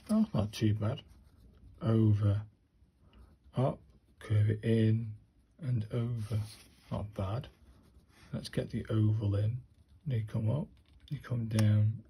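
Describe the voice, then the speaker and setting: In a lowish, warm voice with a breathy edge, a man casually talks viewers through handwriting practice, chatting away and muttering to himself as he writes.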